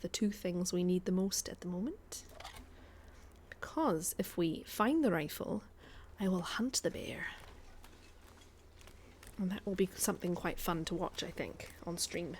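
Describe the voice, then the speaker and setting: A woman's voice: lowish voice, measured pace, pauses often, a little mellow, slight background noise. A woman streaming a survival game from home, chatting and thinking aloud in a put-on Scottish accent and poking fun at herself. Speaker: guest streamer. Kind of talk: casual gameplay commentary.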